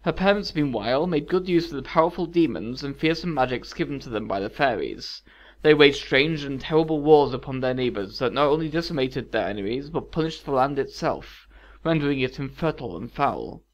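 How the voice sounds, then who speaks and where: Man narrating a dark fairy tale. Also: medium pitch, lively intonation, a little fast, dull audio. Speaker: storyteller.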